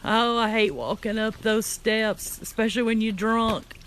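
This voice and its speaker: A woman's voice: fairly high pitch, fairly even intonation, unhurried, a bit bright, slight background noise. Chatty older woman reading comments. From Louisiana. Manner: chatty, folksy, reads viewer greetings aloud. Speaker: live-stream host reading comments. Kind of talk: casual live-stream chat.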